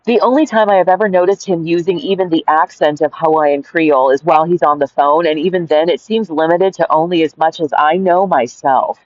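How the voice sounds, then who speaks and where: A woman's voice: sits low, brisk, few pauses, no echo. Woman storyteller, digressive and chatty, lots of "like" and "right?", dry close mic, dull lo-fi sound. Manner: digressive, giggly, many "like" and "right?" fillers. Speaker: storyteller reading and commenting on her own anecdote. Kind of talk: casual reading with rambling asides. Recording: dull lo-fi home recording.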